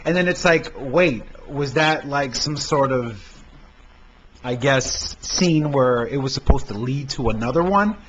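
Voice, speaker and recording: A man's voice: medium pitch, a little slow, a bit bright. A man hosting a casual film review podcast, talking hesitantly with many fillers and restarts. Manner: hesitant, stammering, lots of fillers. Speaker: podcast host. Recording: dull lo-fi amateur podcast recording with faint noise.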